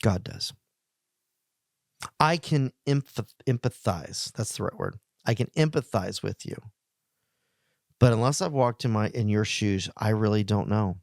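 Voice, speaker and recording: A middle-aged male pastor giving a heartfelt, plainspoken message to men, earnest, with emotional pauses. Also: fairly low pitch, gravelly, a little mellow, dry recording, clean studio sound.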